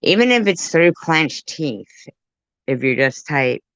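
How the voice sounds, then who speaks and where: A woman's voice: deep voice, sing-song, takes it slowly, no echo, lo-fi sound. Rambling, profane woman YouTuber. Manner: rambling, profane, talks to viewers and pets. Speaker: commentary YouTuber. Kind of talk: casual live commentary.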